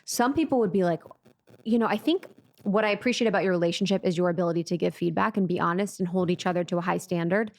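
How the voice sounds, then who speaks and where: Woman, podcast host, low pitch, dry recording, relaxed affirming manner. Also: quick pace, no room sound. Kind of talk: casual interview chat.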